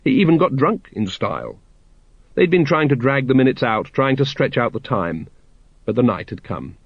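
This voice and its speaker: A man narrating a story aloud in a wry, expressive way. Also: medium pitch, normal speed, husky, no room sound, muffled recording. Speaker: audiobook narrator.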